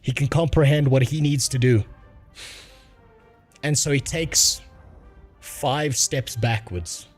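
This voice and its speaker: A man's voice: mid-range voice, takes it slowly, long pauses, faint music behind. Crude joking male streamer. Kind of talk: crude casual gameplay commentary.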